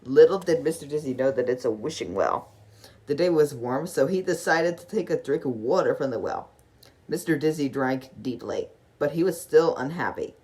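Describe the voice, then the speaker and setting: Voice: mid-range voice, expressive, moderate pace, darkish tone, poor audio. A reader giving a casual storybook read-along, giggling often and stumbling over words.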